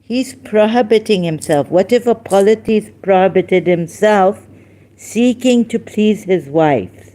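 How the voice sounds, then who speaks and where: Angry, slow-talking debate host. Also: medium pitch, lively intonation, mellow. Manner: scolding, rhetorical questions, emphatic. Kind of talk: heated religious debate.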